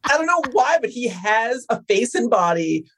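A woman's voice: fairly high pitch, very animated, normal speed, a bit bright. Blunt, wry woman podcaster. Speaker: podcast co-host. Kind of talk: casual movie chat.

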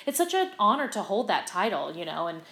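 A middle-aged woman talks through backstage stories in an easygoing interview, bubbly and animated with lots of little fillers. Her voice sits at an ordinary pitch for a woman, and the room around her rings with echo. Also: brisk. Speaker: guest, stage actress. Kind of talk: casual interview chat.

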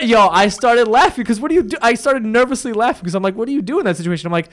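High-voiced, animated New man. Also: very fast, few pauses, very noisy. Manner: animated storyteller, swears a lot, laughs while telling. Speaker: podcast host. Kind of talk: casual chat.

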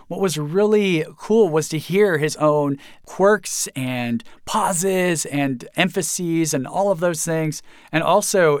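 A pastor and author giving earnest, reflective interview answers and chuckling at himself now and then. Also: male voice, on the high side, a bit bright, dry recording, clean studio sound.

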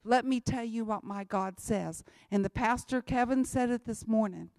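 A woman's voice: a little high, normal speed, a little mellow, dry recording, studio quality. Emphatic woman in her sixties. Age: 60s. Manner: emphatic, repeats key lines, folksy. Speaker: missionary speaker. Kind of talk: church talk on missions.

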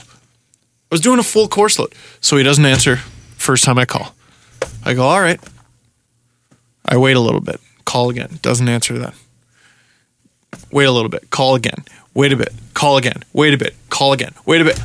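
A young man tells a story on a podcast in a bright, forceful voice that sits a little high. He is animated and profane, and he acts out his own rants. The sound is dry and close, with no room around it. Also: moderate pace, long pauses, dry recording. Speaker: podcast host. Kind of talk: casual storytelling chat.

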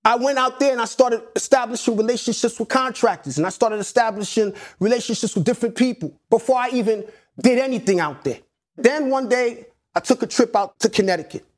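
High-pitched man, earnest and animated, emotional personal story, repeats himself for emphasis. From United States. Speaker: real estate investor guest.

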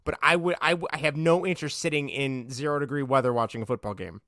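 A man co-hosting a sports podcast in casual chat, talkative and quick to laugh. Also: mid-range voice, bright, forceful tone, dry recording, clean studio sound. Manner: chatty, laughs easily, restarts often. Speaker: podcast co-host.

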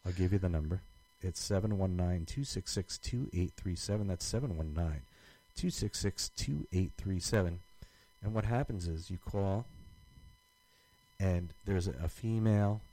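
A man's voice: low voice, moderate pace, warm tone, low-quality recording. A man co-hosting a podcast in casual chat, rambling with many restarts and fillers. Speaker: podcast co-host.

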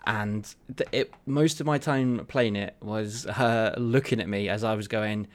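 Low-voiced man rambling quickly. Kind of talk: casual chat.

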